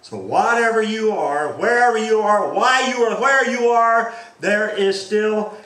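A man preaches a sermon, voicing the quoted lines of scripture with real drama. His voice sits high and swings widely in pitch. He is caught from some distance in a room with a noticeable echo. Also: pushed and bright. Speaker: pastor.

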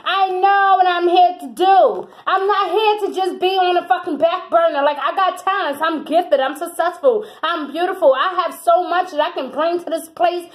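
A woman's voice: very high voice, moderate pace, hardly any pauses, poor audio. A woman giving a tarot reading in an exuberant, emphatic way, repeating phrases for emphasis. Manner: exuberant, emphatic, breaks into laughs and whoops. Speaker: tarot reader.

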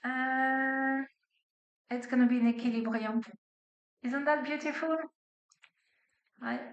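The speaker is a female physics lecturer whose English carries a non-native accent, and she keeps asking "okay?" and "right?" as she explains each step. Her voice sits high with a steady tone and a slow pace. The classroom recording echoes and its highs are cut off.

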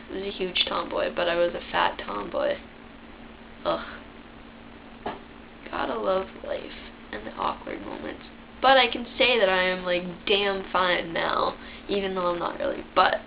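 A woman's voice: mid-range voice, vocal fry. A young woman telling embarrassing childhood stories in a chatty, candid, self-mocking way, swearing freely. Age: young adult. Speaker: vlogger. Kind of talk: casual storytelling to camera. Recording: dull lo-fi webcam sound with faint hiss.

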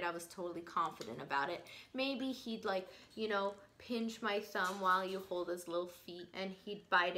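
A woman's voice: lowish voice, pushed and bright, slight background noise. A woman vlogger talking casually to camera, rambling and chatty, with many fillers as she tells a story. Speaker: parrot channel vlogger.

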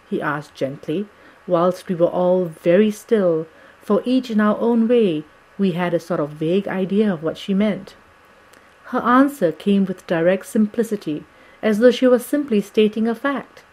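A woman narrating a classic novel as an audiobook in a measured, steady storytelling manner. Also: on the low side, poor audio.

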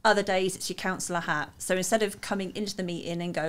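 A woman guest in a casual podcast chat, telling stories in a lively, self-deprecating way. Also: on the low side, fast talker, clean tone.

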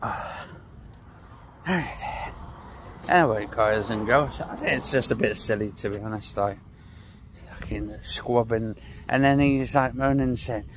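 A man's voice: medium pitch, slow pace, pauses often, a little hiss or hum. A man rambling and ranting sarcastically while he walks outdoors, swearing and sighing as he talks. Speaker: vlogger. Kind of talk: casual ranting walking vlog. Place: outdoors on a walk.

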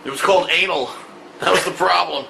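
A man giving loud, excitable and crude commentary while playing video games. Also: high voice, a little fast, creaky, a little hiss or hum. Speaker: gameplay commentator. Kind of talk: crude live gameplay commentary.

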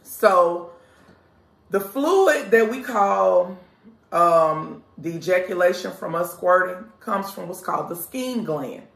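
A woman's voice: lowish voice, animated, slow pace, gravelly. Sassy woman host in an echoey room. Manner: sassy, frank, addresses listeners as sis and y'all. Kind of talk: casual vlog talk, reading a customer review aloud.

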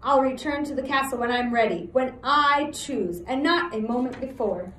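A woman's voice: high-pitched, normal speed, a bit bright, roomy sound, recorded from a distance, slight background noise. A woman reading aloud voicing a spoiled, haughty young prince who talks down to others. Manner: haughty and dismissive.

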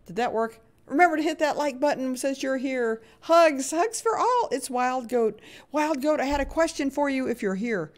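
A woman's voice: high-pitched, normal speed. Chatty woman live-streaming a block game. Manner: chatty and expressive, hums little sound effects while playing; frequent laughs, jumps between hushed nervous asides and loud cheery greetings. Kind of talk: live gameplay commentary with chat greetings.

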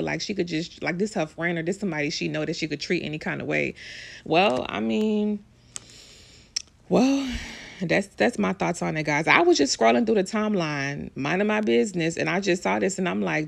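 Gravelly-voiced woman ranting about gossip. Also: mid-range voice. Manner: blunt, profane, emphatic ranting. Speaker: vlogger commenting on celebrity news. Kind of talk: casual celebrity gossip commentary.

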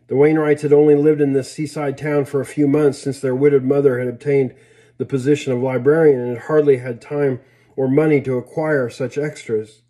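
A man reading a story aloud in a plain, unhurried way with small slips and restarts. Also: mid-range voice, flat delivery, dark tone. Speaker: reader.

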